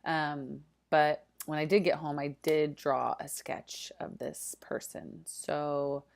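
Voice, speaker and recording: A woman in her thirties with a low voice tells a story to her viewers. She talks casually and animatedly, leans on fillers, and moves between quiet asides and louder bursts. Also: vocal fry. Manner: animated, filler-heavy, swinging from loud to hushed. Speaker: vlogger.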